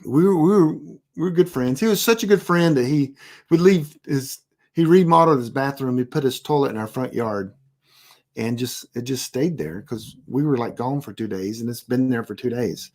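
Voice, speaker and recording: Laid-back prep-class teacher who rambles and restarts but turns blunt and deadpan on key points. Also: medium pitch. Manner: rambling, self-interrupting, anecdotal. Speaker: preparedness class instructor. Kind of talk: casual live online class.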